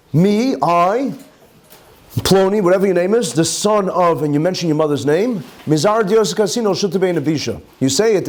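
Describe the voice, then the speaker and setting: Man, rabbi, Talmud class, raised pitch, explains terms twice, Hebrew phrases mixed in. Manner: lively, rhetorical questions.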